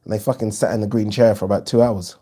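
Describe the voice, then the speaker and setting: A man's voice: fairly low pitch, fairly even intonation, fast talker, mellow, breathy edge. A man hosting a live boxing watch-along, chatting casually and frankly, reading viewers' comments with plenty of ums. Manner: chatty, frank, swears freely, frequent ums.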